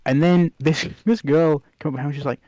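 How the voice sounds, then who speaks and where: A man's voice: fairly high pitch, steady tone, fairly quick, a little mellow, no room sound. A young man with an English accent, a podcast guest telling stories in a laid-back, laughing way. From England. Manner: laid-back storyteller, laughs often, lots of "like". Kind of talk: casual chat.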